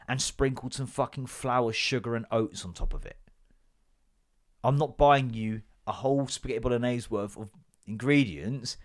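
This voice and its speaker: Exasperated man ranting comically. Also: medium pitch. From Britain. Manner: animated, exasperated, swears freely. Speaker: podcast host. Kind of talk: comedic storytelling rant.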